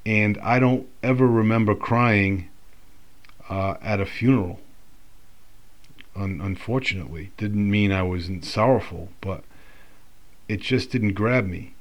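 Slow, low-voiced man musing aloud. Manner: rambling, reflective, with many fillers and restarts. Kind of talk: casual monologue.

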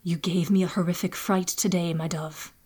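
A woman voicing a worried, caring grandmother, hushed and gentle in a storybook. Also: on the low side, fairly even intonation, moderate pace, breathy edge. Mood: tender.

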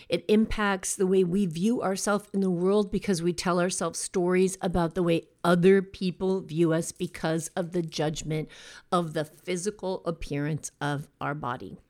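A woman hosting a show, giving an earnest, reflective motivational talk in a conversational way, slowing down to stress key words. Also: lowish voice, a little mellow. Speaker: podcast host.

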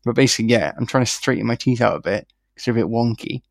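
A man's voice: mid-range voice, fast talker, gravelly, dry recording. A man hosting a casual podcast chat, joking and self-deprecating, with a slight lisp from new braces. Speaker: podcast host.

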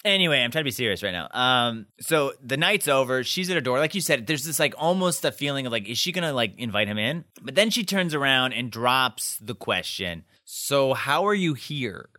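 Animated bright-voiced man recapping a show. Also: medium pitch, fairly quick, few pauses, no room sound, studio quality. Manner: animated, acts out quotes loudly. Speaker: podcast co-host. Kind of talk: casual recap chat.

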